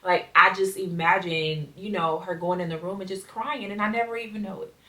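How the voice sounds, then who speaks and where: A woman's voice: mid-range voice, fairly even intonation, brisk, pushed and bright. Earnest woman podcaster, roomy distant sound. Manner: earnest, reflective, addresses listeners directly. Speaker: podcast host. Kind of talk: casual solo podcast talk.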